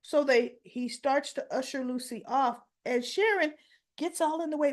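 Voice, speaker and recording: A woman hosts a casual recap of soap opera episodes in a fairly high voice. She speaks at an unhurried pace, drawing out her words. She retells each scene with animated emphasis. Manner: animated retelling, acting out quoted lines with rising emphasis.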